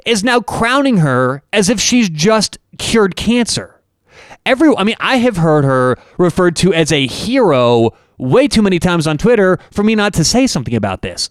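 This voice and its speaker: A man's voice: sits high, big pitch swings, normal speed, dry recording, studio quality. A man hosting a podcast, delivering an opinionated, emphatic monologue full of rhetorical questions. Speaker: podcast host and network owner.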